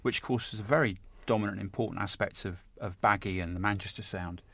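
A man's voice: on the low side, quick pace, gravelly, pushed and bright, dry recording. A man hosting a casual discussion, talking in an enthusiastic, digressive way.

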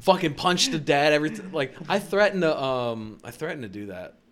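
This is a young man on a podcast, chatting casually and cursing through every sentence. His voice sits a little high and rises and falls widely. He bursts into loud shouts whenever he quotes himself. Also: a little fast. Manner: profane, animated storyteller, shouts quoted lines. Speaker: podcast co-host. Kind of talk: casual chat, storytelling.

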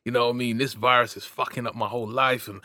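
A man co-hosting a podcast, telling a story in a casual, animated way. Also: mid-range voice, fast, no echo, clean studio sound. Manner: animated storyteller, frequent "you know what I mean". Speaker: podcast co-host.

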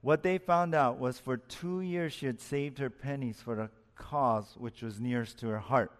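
A man's voice: medium pitch, normal speed, long reverb tail. A man preaching a sermon as a pastor, earnest, rising and dropping his voice for emphasis and asking his listeners questions.

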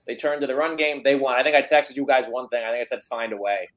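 A man's voice: mid-range voice, quick pace, a bit bright. A man co-hosting a sports podcast, reasoning through his picks in a loose, hedging way. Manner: thoughtful, hedging analysis with many "like"s. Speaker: podcast co-host. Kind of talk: casual sports betting chat.

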